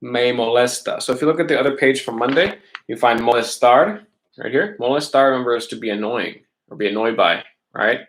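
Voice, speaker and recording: A man's voice: medium pitch, a little fast, a bit bright. A male teacher explaining worksheet examples step by step in a casual online class, often checking in with "right?". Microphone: laptop or webcam mic.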